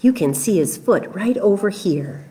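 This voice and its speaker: A woman, a children's librarian, reading picture books aloud at story time in an animated, coaxing way. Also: mid-range voice, a little slow.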